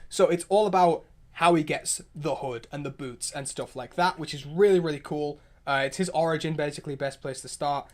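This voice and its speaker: An excitable male streamer with a fairly high voice, riffing on viewer comments in a loose, rambling way. He jumps between opinions with quick restarts and eager asides, keeping a casual livestream chat going. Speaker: livestream host.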